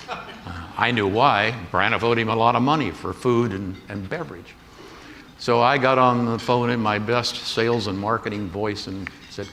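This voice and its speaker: Un hombre mayor, de voz algo grave y timbre brillante, cuenta anécdotas con aire campechano en una conferencia. Su voz resuena en una sala grande con eco largo, y se oye un leve ruido de fondo. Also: male voice, fairly low pitch, steady tone, moderate pace, gravelly, fairly bright tone. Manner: folksy anecdotal storytelling with quoted dialogue. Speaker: keynote speaker. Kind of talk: storytelling keynote. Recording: echoey hall with faint noise.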